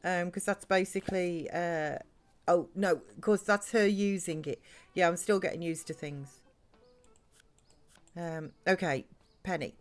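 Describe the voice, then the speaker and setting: A woman's voice: lowish voice, unhurried, long pauses, faint music behind. A woman chatting her way through a live-streamed life-sim game, rambling between the game and her viewers. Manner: chatty, rambling, talks to chat and game characters. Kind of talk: live-stream gameplay chat.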